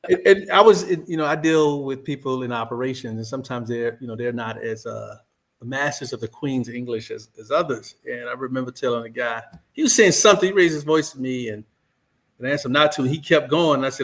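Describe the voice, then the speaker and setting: A man on a podcast panel speaks in a middling pitch. He talks emphatically and firmly about where he draws his lines, yet laughs easily with the host. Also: brisk. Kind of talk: casual panel chat.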